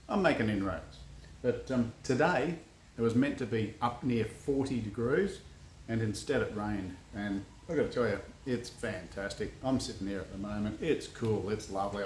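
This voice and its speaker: A man's voice: on the low side, a little mellow, slight background noise. An Australian man in a home workshop shed, talking through his truck build in a laid-back, rambling, self-deprecating way. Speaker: custom car builder. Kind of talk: casual workshop vlog.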